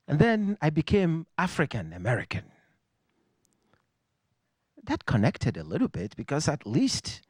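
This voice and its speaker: A man from Nigeria with a Nigerian accent, telling a personal story on stage to a live audience in a reflective, wry way with dramatic pauses. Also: medium pitch, breathy edge, no echo.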